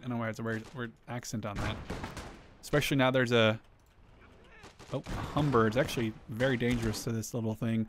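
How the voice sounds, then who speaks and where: A man commentating on a strategy game as he plays, chatty and thinking aloud, with quick startled exclamations. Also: medium pitch, fairly even intonation, noisy background. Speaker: gameplay commentator. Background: gunfire and artillery from the game.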